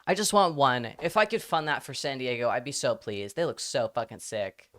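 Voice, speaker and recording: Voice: mid-range voice, moderate pace, fairly bright tone. A livestreamer chatting casually with viewers, joking, swearing freely and slipping between accents. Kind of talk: casual live-stream chat.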